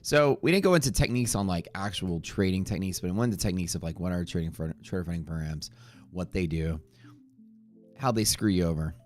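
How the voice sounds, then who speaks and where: Low-voiced male streamer, casual and rambling, soft music in the background. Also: lively intonation, fast talker. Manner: greets viewers by name, jokey and rambling. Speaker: livestream trading host. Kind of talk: casual livestream chat. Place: home streaming room.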